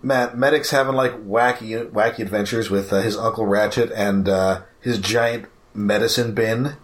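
Male co-host, mid-pitched, hesitant delivery, faint background noise. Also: fairly even intonation, normal speed. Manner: hesitant, many "uh"s. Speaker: podcast co-host. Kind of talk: casual chat about cartoons.

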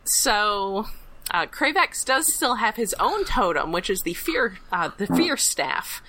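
A woman podcast co-host giving a chatty, casual episode recap, laughing often and filling pauses with "uh". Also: mid-range voice, sing-song, sharp tone, a little hiss or hum, rough recording.

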